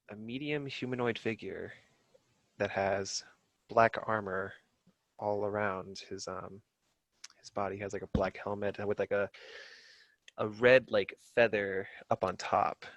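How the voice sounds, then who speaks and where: A man's voice: lowish voice, steady tone, slow pace, pauses often, fairly bright tone, no echo. A man narrating a tabletop game as game master, rambling with many fillers.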